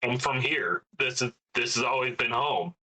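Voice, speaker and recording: Utah guy cohosting a podcast, bright voice, cussing and joking around. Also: medium pitch, lively intonation, normal speed, poor audio. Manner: profane, joking storyteller. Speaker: podcast co-host. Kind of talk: casual chat.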